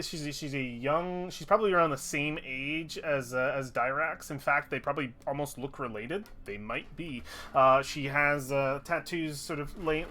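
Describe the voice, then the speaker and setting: A man running a tabletop game as game master, easygoing and quick to laugh. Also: fairly high pitch, pushed and bright. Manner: easygoing, laughs often, fillers.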